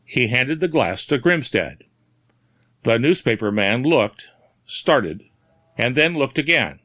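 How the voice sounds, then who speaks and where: A man narrating an audiobook ghost story in measured, expressive storytelling. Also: medium pitch, no room sound. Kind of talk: scripted narration.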